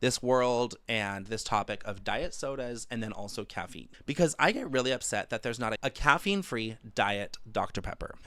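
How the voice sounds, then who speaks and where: A man in his twenties delivering a profane, animated comedic rant monologue. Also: on the low side, no room sound. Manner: animated, profane, exaggerated outbursts.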